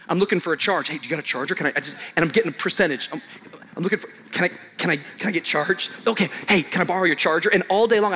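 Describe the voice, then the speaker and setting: A young man preaching to his congregation with a bright, sharp tone and a high pitch. He moves between shouted high points and quiet, slow passages, with joking asides in between. Soft music plays behind him in the church. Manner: dynamic preaching, swings from shouting highs to quiet low passages; humorous, conversational asides to the congregation. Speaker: pastor. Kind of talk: sermon. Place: church auditorium.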